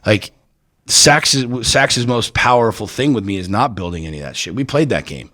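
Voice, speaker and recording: A man's voice: on the low side, expressive, normal speed, bright, forceful tone, dry recording, clean studio sound. A man guest on a podcast telling personal stories bluntly, with lots of swearing and repeated words. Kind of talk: candid personal storytelling.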